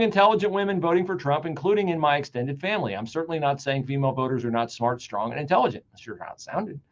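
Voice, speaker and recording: A man hosting a political talk show, delivering an animated, sarcastic and emphatic monologue. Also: on the high side. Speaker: radio talk show host. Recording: dull lo-fi sound.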